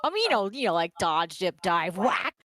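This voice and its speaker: A woman's voice: fairly low pitch, sing-song, moderate pace, fairly bright tone, no room sound, studio quality. A woman playing a tabletop role-playing game, talking hesitantly with many fillers. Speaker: player.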